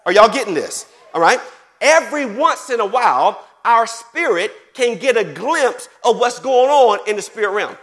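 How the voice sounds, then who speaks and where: A man preaching a fervent sermon, repeating phrases, calling for the congregation's responses and rising into shouts. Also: very high voice, lively intonation, moderate pace.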